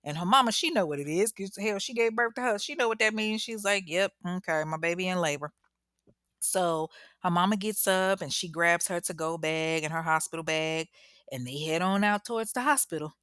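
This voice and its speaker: Slangy, animated woman storyteller. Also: medium pitch, fairly quick, dry recording, clean studio sound. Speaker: true-crime storyteller. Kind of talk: casual storytelling.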